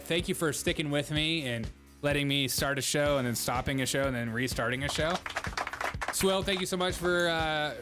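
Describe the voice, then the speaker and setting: A man hosting a live stream, chatting casually in a sarcastic, mocking way and laughing often as he reads out his viewers' messages. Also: on the high side. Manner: reads viewer chat aloud.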